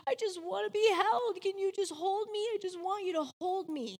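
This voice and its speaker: A woman's voice: extremely high pitch, flat delivery, quick pace, pitched above the performer's own voice. A woman voicing her small son as a crying little boy who begs to be held, repeating his pleas. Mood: crying, pleading.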